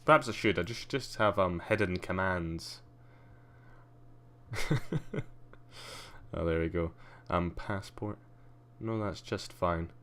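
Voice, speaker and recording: A Scottish man with a hint of poshness in his accent talks casually through a game stream. His voice sits low, and his humour is dry and self-mocking. A faint hum runs underneath. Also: slow, long pauses, sharp tone. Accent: Scottish with a slight posh English tinge. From Scotland. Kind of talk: casual livestream commentary.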